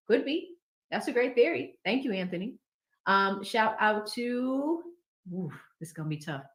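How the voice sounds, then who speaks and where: A woman with a slightly high, expressive, fairly bright voice hosts a livestream, reading out viewer super chats. She's chatty and upbeat, tossing in quick asides, and the room sounds echoey.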